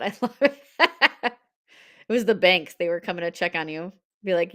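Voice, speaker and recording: A woman's voice: on the low side, measured pace, long pauses. A woman in her forties hosting a live-stream sale, chatting casually, telling stories with frequent laughter and reading out viewer comments.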